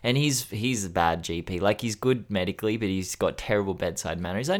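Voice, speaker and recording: A man's voice: fairly low pitch, a little fast. Frank, swearing man in his thirties. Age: 30s. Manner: frank, joking about hardship, swears freely. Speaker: podcast co-host. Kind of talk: casual chat.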